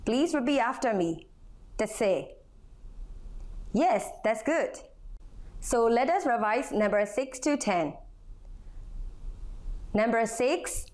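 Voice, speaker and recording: A young woman with a fairly high voice leads a language lesson. She speaks slowly and patiently. She repeats each word so learners can say it after her. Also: darkish tone. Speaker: language teacher.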